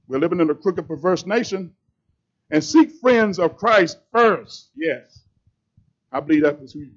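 A man's voice: a little high, highs cut off. A man preaching a sermon in a plain-spoken, emphatic, conversational way.

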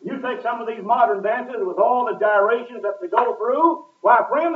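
A man preaching a sermon in a church, pressing his points with sudden loud emphasis and swinging his voice up and down. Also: very high-pitched, moderate pace. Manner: emphatic, rising and falling with sudden loud stresses. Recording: echoey, distant, tinny lo-fi recording.

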